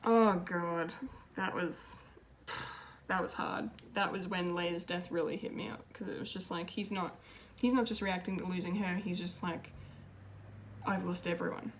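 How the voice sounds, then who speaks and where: A woman's voice: lowish voice, fairly even intonation, moderate pace, a little hiss or hum. A woman giving an unscripted, emotional film review, gushing and restarting her sentences with many fillers. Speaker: pop culture video reviewer.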